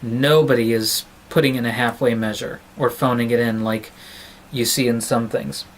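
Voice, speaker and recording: A man's voice: mid-range voice, steady tone, normal speed, low-quality recording. A man giving a casual film review on his vlog, talking in a rambling, digressive, chatty way.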